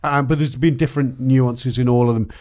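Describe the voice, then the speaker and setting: A man on a football podcast panel, telling stories in animated casual chat and laughing often. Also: mid-range voice, brisk.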